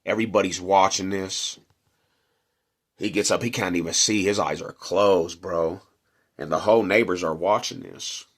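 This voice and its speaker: A man's voice: low voice, fairly even intonation, moderate pace, slightly rough. A middle-aged man from Denver telling a neighborhood story in slangy casual talk, acting out quotes and punches. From Denver, Colorado.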